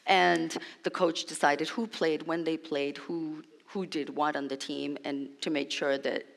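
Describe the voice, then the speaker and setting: A woman speaking in a measured, reflective way as a panelist at a conference, pausing on fillers. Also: deep voice, steady tone, gravelly. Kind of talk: panel discussion. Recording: reverberant hall.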